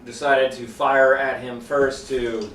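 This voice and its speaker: A man playing an honest cop at a tabletop game, explaining haltingly, recorded from a distance. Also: mid-range voice, flat delivery, a bit bright, a little hiss or hum. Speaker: player. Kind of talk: in-character tabletop play. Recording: echoey room from far off.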